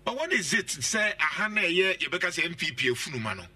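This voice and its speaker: A man hosts a radio talk show in a very bright, sharp voice pitched a little high. He presses his caller with questions and repeats them until he gets an answer. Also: very animated, fast talker.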